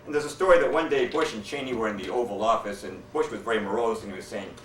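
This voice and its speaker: A man doing a stand-up routine, telling jokes with deadpan setups and quoted character voices. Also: fairly low pitch, quick pace, a little hiss or hum. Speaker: stand-up comedian. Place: hotel meeting room. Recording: echoey hall from far off. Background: audience laughter.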